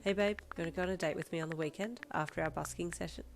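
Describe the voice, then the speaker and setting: Racing along in a lowish, steady voice close to her everyday one, a woman narrates fan fiction over music. Her playful teen girl character is bright and affectionate, teasing with eagerness.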